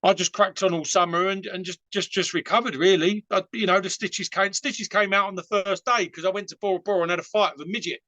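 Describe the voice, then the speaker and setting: A man's voice: sits high, steady tone, quick pace, hardly any pauses, pushed and bright, dry recording, highs cut off. A man from England with an Essex accent, a podcast guest telling stories in a rambling, frank way with many fillers. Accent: Essex English. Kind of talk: casual storytelling.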